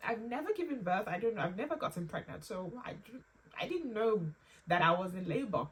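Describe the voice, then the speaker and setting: A young woman telling her own painful story to camera, halting and close to tears, with pauses and restarts. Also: medium pitch, animated. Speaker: vlogger sharing a personal story. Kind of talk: emotional personal storytelling. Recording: slightly distant mic with faint room ambience.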